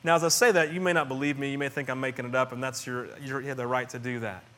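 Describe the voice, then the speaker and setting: A middle-aged man preaching a sermon in an earnest, conversational way, often restarting phrases and swinging between soft and loud. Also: medium pitch, fairly even intonation, quick pace. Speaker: pastor.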